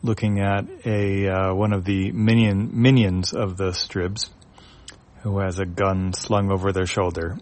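Low-voiced man reading a comic aloud. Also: level tone, a little mellow. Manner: halting, with many fillers. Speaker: reader of a webcomic. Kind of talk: casual comic read-aloud.

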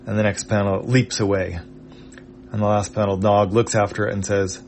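A man's voice: lowish voice, little pitch movement, moderate pace, a little hiss or hum. A man reading a comic strip aloud panel by panel, hesitant and full of fillers.

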